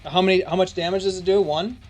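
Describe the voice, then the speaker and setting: A man narrating and running a tabletop game as game master, with lively, theatrical delivery. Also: high voice, quick pace, over loud music.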